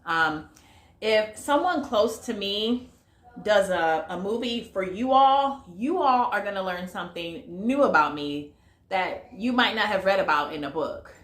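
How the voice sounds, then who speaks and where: A woman's voice: medium pitch, expressive, a little slow, fairly bright tone, reverberant. A woman giving a casual vlog movie review, chatty and full of fillers, talking straight to her viewers. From United States. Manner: chatty, lots of fillers, addresses viewers as y'all.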